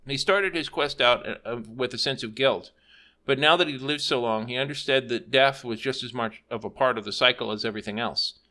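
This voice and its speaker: Male narrator for a fantasy read-aloud, bright tone, casual unpolished delivery with restarts. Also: mid-range voice, a little fast. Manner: unpolished reading with slips and self-corrections. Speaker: audiobook narrator. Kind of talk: reading fantasy fiction aloud.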